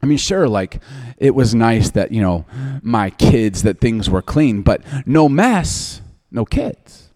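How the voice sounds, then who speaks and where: Forties male pastor, funny and candid, voice swinging widely in pitch. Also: slow pace. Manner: humorous, self-deprecating, candid; animated, often laughing. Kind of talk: storytelling sermon.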